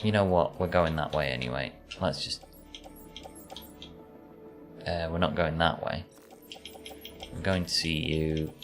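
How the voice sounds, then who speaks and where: This streamer has a very deep voice with a fairly bright tone and a mild Yorkshire accent, being from Yorkshire, England. While playing a video game he chats casually, rambling as he answers chat. He also mutters to himself about the gameplay.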